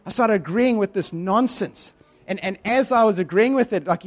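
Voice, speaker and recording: A preacher with a notably high-pitched male voice delivers a sermon. He talks conversationally, repeats and restarts phrases, and tells his own stories with animation. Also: moderate pace. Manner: conversational, repetitive, animated retelling. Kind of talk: sermon with personal storytelling.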